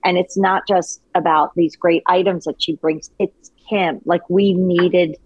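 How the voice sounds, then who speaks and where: A woman in casual chat, talking in an animated, affectionate way. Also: fairly low pitch, measured pace, dry recording, lo-fi sound.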